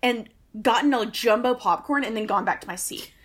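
A woman's voice: fairly high pitch, a little fast, breathy edge. A woman, co-hosting a podcast and telling a long, wry, exasperated story in casual chat. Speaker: podcast co-host.

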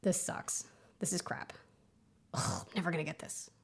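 A woman voicing a petty inner-critic gremlin that mutters scornful put-downs in a low half-whisper. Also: fairly even intonation, fairly quick, creaky. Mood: grumbling.

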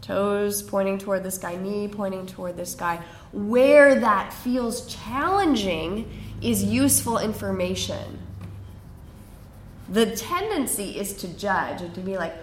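A woman teaching a guided yin yoga class with slow, soothing spoken cues. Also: mid-range voice, slight background noise. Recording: roomy echo with faint ambience.

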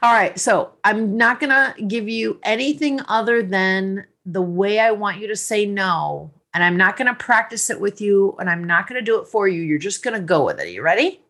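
Husky woman podcast host and coach, brisk and teasing, gives orders. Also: medium pitch. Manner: lively, teasing, directive.

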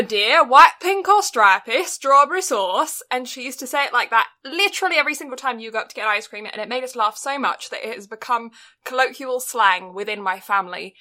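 A British woman co-hosting a podcast, chatting casually and telling stories with quick asides. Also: a little high, pushed and bright. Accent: British English. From Britain. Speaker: podcast co-host.

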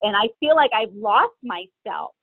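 A middle-aged woman telling her own story as an interview guest, hesitant and pausing often between her thoughts. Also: mid-range voice, animated, breathy edge, no echo. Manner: hesitant, many pauses and fillers. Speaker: guest sharing personal story. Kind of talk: candid personal storytelling. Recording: tinny phone-like line, dry.

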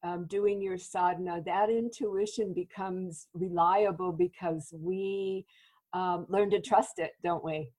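A woman's voice: fairly low pitch, fairly even intonation, takes it slowly, darkish tone. A woman hosting a podcast interview, asking questions in an encouraging, affirming way. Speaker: podcast host. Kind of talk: interview chat.

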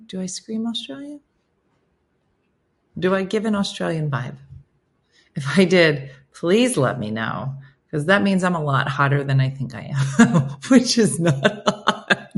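A woman's voice: fairly low pitch, lively intonation, unhurried, pauses often. A woman hosting a casual livestream chat, reading and reacting to viewer comments with frequent laughter.

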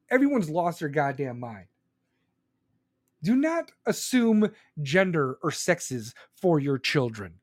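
A man with a high voice rants about politics, swearing freely and mocking his targets with sarcasm. The sound is dry and close, with no room echo. He talks like a live-stream commentator who is fed up. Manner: angry, profane, sarcastic ranting. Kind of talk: profane live-stream rant.

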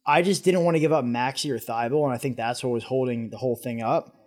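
A man's voice: mid-range voice, steady tone, quick pace, darkish tone. A man speaking as a podcast guest, a blunt sports fan who swears and gets fired up. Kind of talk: casual podcast banter.

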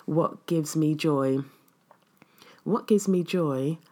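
A woman's voice: low voice, takes it slowly, dark tone. A woman wellness coach answering viewer questions in a casual, reflective and earnest way, with frequent ums. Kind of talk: casual live Q&A.

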